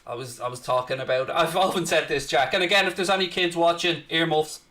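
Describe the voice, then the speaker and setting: A man's voice: fairly high pitch, fairly quick, pushed and bright. A man, hosting a live football watchalong with brash, crude, mock-boastful banter. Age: 30s. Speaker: host.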